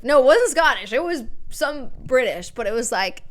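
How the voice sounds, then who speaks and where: A woman's voice: on the high side, animated, fairly quick, few pauses, faint music behind. A woman streaming, chatting casually and telling a rambling story with lots of self-corrections. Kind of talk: casual livestream chat.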